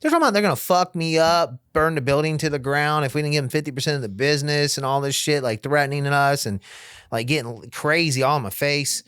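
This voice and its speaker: A man's voice: on the high side, a little fast, a bit bright, clean tone, dry recording, studio quality. A man as a podcast guest, telling a story in casual, profane talk and acting out what others said. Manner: profane, vivid storyteller acting out quoted dialogue.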